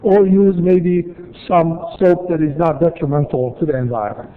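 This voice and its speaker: A man's voice: a little high, fairly even intonation, moderate pace. A man from city staff presenting at a council meeting, explaining rules step by step with repeated points and dry asides. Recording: tinny, phone-like archive audio.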